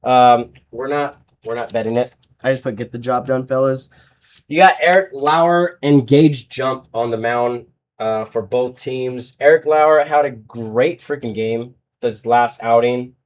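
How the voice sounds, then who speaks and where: Guy rambling through his betting picks, mumbles then gets loud, corrects himself a lot. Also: mid-range voice, unhurried. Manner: rambling, self-correcting, swings between mumbles and loud outbursts. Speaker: sports betting host. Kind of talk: casual betting picks chat.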